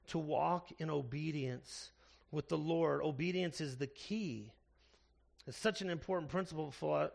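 A man preaches a sermon with an earnest, steady delivery. His voice sits a little high for a man and carries a gravelly fry. He slows right down to lean on the words that matter. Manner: earnest preaching with slow emphatic stresses. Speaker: pastor.

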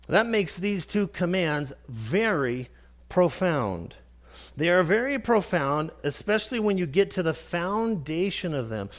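A male pastor preaching a Sunday sermon, slow and emphatic, repeating key phrases and addressing the congregation as beloved. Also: on the high side.

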